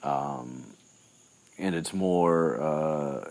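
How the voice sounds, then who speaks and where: A man's voice: low-pitched, slow, vocal fry, a little mellow. A man recapping a book chapter in loose, rambling chat, with lots of fillers and restarts. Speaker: podcast host.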